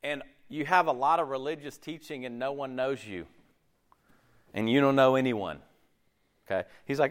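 A man preaching a sermon, animated, acting out quoted voices and often checking in with "okay?". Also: medium pitch, normal speed, long pauses. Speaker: pastor. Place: church.

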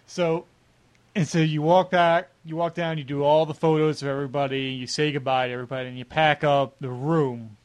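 A young man in his twenties hosting a casual podcast interview, asking long, relaxed leading questions. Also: on the high side, a little fast. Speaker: podcast host.

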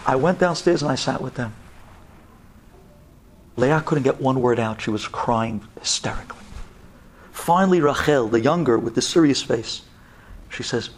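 A man's voice: mid-range voice, normal speed, pauses often, a little hiss or hum. A man, a rabbi, telling a story dramatically and acting out the people in it. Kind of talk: storytelling talk.

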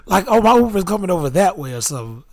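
A man's voice: high-pitched, sing-song, very fast. A man co-hosting a podcast, telling stories in a loose, slangy way with laughs in between. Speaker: podcast co-host. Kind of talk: casual chat, storytelling.

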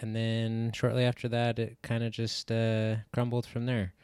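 A man's voice: medium pitch, completely flat delivery, normal speed, darkish tone, a little hiss or hum. A man giving his take in a casual movie review chat, hesitant and full of ums and likes. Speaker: podcast co-host.

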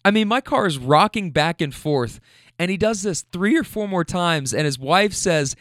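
Animated man telling a funny story. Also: high voice, normal speed, no echo, clean studio sound. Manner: animated, laughing, mimics people. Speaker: storyteller recounting a rideshare trip. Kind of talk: casual spoken anecdote.

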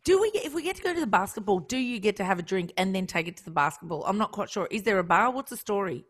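A woman's voice: medium pitch, expressive. A woman co-hosting a radio show, telling stories in casual banter and laughing often. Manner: chatty, storytelling, quick to laugh. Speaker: radio co-host.

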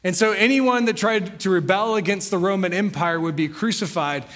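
High-voiced man preaching in a hall. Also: normal speed, fairly bright tone. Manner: conversational preaching with Bible reading. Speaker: pastor. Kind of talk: sermon.

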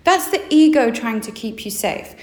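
A woman hosting a solo mindset podcast, acting out her inner thoughts with lively shifts of voice. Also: on the high side, normal speed. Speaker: podcast host. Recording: roomy echo.

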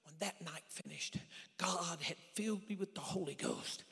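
Middle-aged evangelist, bright high voice, hushed storytelling that swells to shouted preaching, big church reverb. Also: male voice, moderate pace, vocal fry. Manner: storytelling, drops to near-whispers then builds to shouting. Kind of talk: sermon with personal testimony. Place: large church sanctuary. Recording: long hall reverb.

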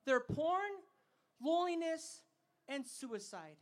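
A man preaching at a festival in a high, bright voice. He is lively and funny and often calls on the crowd to answer back. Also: slow pace. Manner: energetic, asks the crowd to call back; humorous storytelling. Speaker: festival speaker. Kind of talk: sermon.

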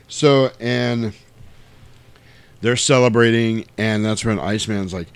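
A man casually recapping a movie, animated and profane, often jumping into the voices of the characters. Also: on the low side, slow, pauses often, clear, resonant tone, no room sound.

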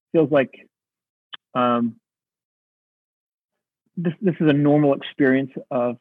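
Male pastor, sermon, husky tone, dry close sound. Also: mid-range voice, no echo. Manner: earnest, reflective, slows for emphasis. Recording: dry, phone-like narrow sound.

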